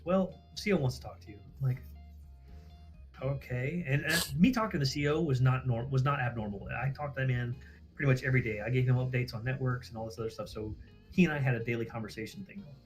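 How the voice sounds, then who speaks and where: A man casually telling a story on a livestream, acting out quoted dialogue, swearing freely and laughing at himself. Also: mid-range voice.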